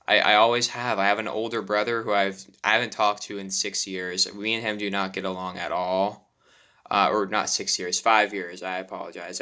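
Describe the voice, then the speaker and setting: A man's voice: sits low, pushed and bright, clean tone. A young man talking nervously about himself in a confessional vlog, with frequent sighs, apologies and restarts. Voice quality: self-deprecating, apologetic. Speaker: YouTuber.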